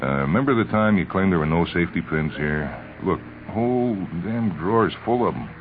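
A man voicing a brash, excitable male bike shop partner who blusters loudly, on a tinny old radio recording. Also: low-pitched, normal speed, a little hiss or hum, pitched above the performer's own voice. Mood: eager. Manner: loud, eager, blustering.

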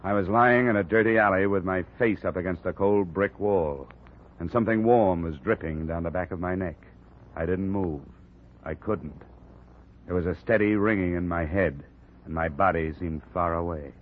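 A man's voice: low voice, moderate pace. A man narrating and playing a detective in a 1950s radio drama, hard-boiled and clipped. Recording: tinny old radio broadcast.

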